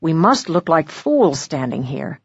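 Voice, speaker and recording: A woman narrator voicing a grim, protective male spy partner with a clipped, low delivery. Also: very animated, a little slow, breathy edge, dry recording, highs cut off, full character voice.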